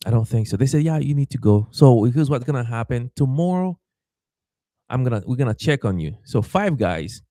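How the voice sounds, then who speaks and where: Animated man telling a story. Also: mid-range voice, normal speed, no room sound, clean studio sound. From Haiti. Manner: animated, acts out quoted voices, stammers and repeats. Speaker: pastor. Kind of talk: storytelling in a podcast interview.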